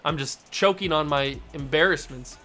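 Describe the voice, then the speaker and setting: High, bright-voiced exasperated gaming commentator man. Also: normal speed, faint music behind. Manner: self-deprecating, exasperated. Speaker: gaming YouTuber host. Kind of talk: gameplay commentary.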